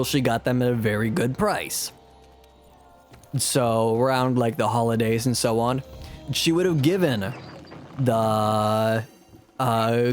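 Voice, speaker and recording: A man streaming live, telling a story in a casual, self-mocking way and chuckling as he talks. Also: medium pitch.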